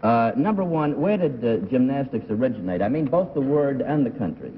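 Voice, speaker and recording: A man's voice: medium pitch, lively intonation, fairly quick, a little hiss or hum. A man on a 1950s TV game panel, joking and hesitant with many uhs. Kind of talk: TV panel questioning. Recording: 1950s TV broadcast, dull with long reverb.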